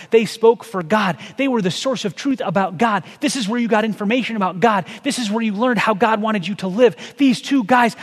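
A man's voice: sits high, long reverb tail. A man preaching a sermon in a conversational style, asking the congregation questions as he goes through scripture. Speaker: pastor.

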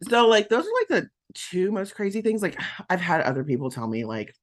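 A woman's voice: medium pitch, big pitch swings, fairly quick. A pregnant woman hosting a podcast, talking candidly in a casual monologue full of "um" and "like". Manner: candid storytelling, frequent "um" and "like". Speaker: podcast host.

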